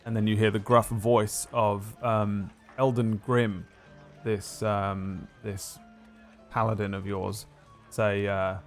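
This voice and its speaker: A man narrating a tabletop game as game master, describing scenes with frequent pauses. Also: on the low side, flat delivery, faint music behind.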